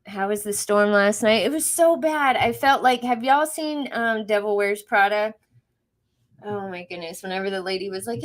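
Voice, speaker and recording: Chatty woman, casual home livestream, mid-range pitch. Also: moderate pace. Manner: chatty, greets viewers, laughs often. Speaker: livestream host.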